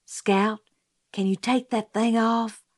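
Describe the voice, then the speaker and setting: A woman reading aloud, voicing a protective older brother who speaks in an unhurried, flat, toneless way. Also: medium pitch, no echo, studio quality, natural voice. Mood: hushed.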